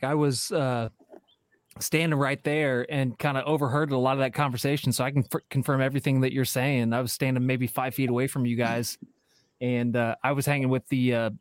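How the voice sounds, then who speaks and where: A man speaks in easygoing, halting sentences, pausing often with "uh" as he recalls a scene. His voice sits mid-range for a man. The sound is dry and close. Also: medium pitch, no echo. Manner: halting, many "uh" pauses. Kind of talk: casual chat.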